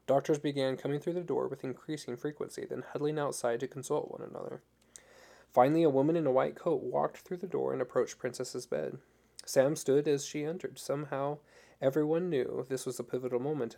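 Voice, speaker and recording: A man reads a novel aloud in a measured, earnest voice. His tone is dark and mellow, with a gravelly texture running through it. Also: mid-range voice. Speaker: audiobook narrator. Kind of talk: scripted narration.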